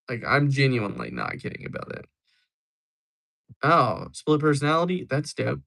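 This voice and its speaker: A man's voice: mid-range voice, fairly even intonation, moderate pace, creaky, a bit bright. A young man hosting a livestream, chatting casually and joking as he answers viewers. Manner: joking, rambling replies to chat. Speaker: livestream host.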